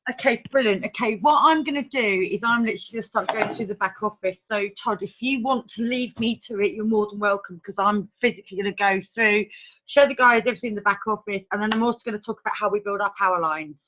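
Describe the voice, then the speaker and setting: A woman hosting a team training over a video call, talking in a brisk, chatty, organizing way. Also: medium pitch. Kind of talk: casual online meeting talk. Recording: dull video-call audio.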